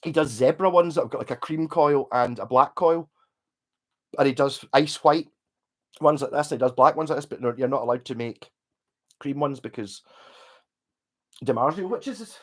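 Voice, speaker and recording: A man's voice: medium pitch, normal speed, long pauses. A Scottish man hosting a casual live stream from home, chatting in a rambling way and swearing now and then. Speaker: livestream host. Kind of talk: casual livestream chat.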